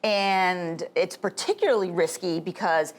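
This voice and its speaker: A middle-aged woman, a health policy expert, explaining things in a measured way as a guest on a TV interview show. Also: lowish voice.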